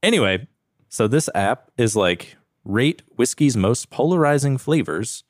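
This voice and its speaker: A man's voice: mid-range voice, measured pace, no room sound, studio quality. A man co-hosting a podcast, chatting casually and joking while he tastes and rates whiskey. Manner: relaxed, joking, rating whiskey aloud. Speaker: podcast co-host. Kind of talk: casual chat.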